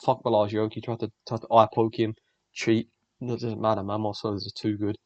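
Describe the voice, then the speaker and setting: Man, young, fight-predictions host, blunt and swearing, low voice, dull lo-fi dry recording. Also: fairly quick, no room sound. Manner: blunt, profane, rambling, excitable. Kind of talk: casual solo commentary.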